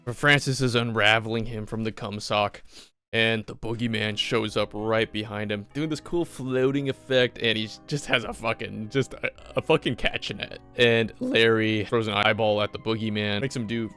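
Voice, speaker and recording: A man's voice: fairly low pitch, fairly even intonation, normal speed, sharp tone, soft background music. A man casually recapping a movie with profane, rambling enthusiasm.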